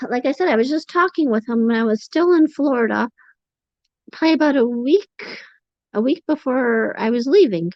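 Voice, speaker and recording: A woman chatting on a home livestream in a meandering, halting way, pausing to sigh as she gathers her thoughts. The sound is dull and lo-fi, and it is bone dry, with no room around her voice. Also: on the high side, dry recording. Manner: rambling, halting, sighs between thoughts. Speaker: livestream host reading chat. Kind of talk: casual livestream chat.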